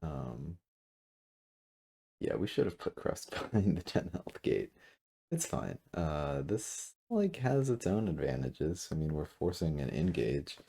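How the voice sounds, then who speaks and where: A very low, gravelly male voice with a husky edge, muses over a strategy game at his computer. His pitch roams widely as he thinks out loud, hedging and correcting himself mid-sentence, a little back from his desk mic. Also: wildly swooping pitch. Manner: musing, self-correcting, halting with fillers. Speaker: gameplay commentator. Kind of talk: casual game commentary. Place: room at a computer. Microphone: desk mic, sitting back from it.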